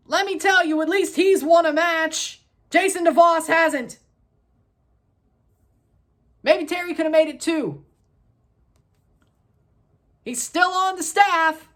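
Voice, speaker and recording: A woman's voice: very high-pitched, fairly bright tone. A woman hosting a solo soccer match review, ranting in a heated, exasperated way and swearing casually.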